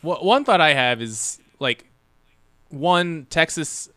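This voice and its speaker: A man's voice: on the high side, animated, slow, sharp tone, no room sound. A young man co-hosting a casual podcast, easygoing and chuckling often. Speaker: podcast co-host.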